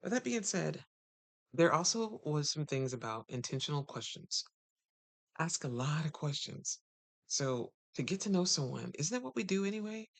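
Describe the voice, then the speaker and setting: A man's voice: very animated, normal speed, gravelly, no room sound. Chatty man coaching on relationships. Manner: chatty, rhetorical questions, sudden pitch jumps. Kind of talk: casual talk to viewers.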